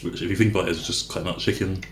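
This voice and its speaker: His voice sits low with fairly even intonation, and he speaks at a racing pace. He's a man casually vlogging over a meal, rambling, chatting, and fixing his sentences as he goes, with a roomy sound and slight background noise.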